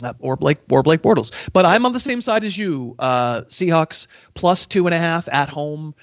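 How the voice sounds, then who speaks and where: A man's voice: on the high side, lively intonation, normal speed, no room sound. A man hosting a football show, analyzing casually with a dry, teasing manner and stammered restarts. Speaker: podcast host. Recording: dry muffled lo-fi audio.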